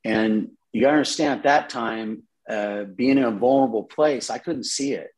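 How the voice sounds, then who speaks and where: A man's voice: mid-range voice, normal speed, rough recording. A middle-aged man, a pastor, telling a personal testimony in an interview, earnest and with frequent repeated words. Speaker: associate pastor.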